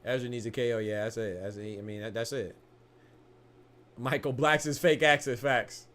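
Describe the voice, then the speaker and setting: Young dude doing live boxing commentary, slangy, hyped, keeps restarting his sentences, mid-pitched voice. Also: moderate pace. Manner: slangy, excited, frequent restarts and laughs. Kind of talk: casual live fight commentary.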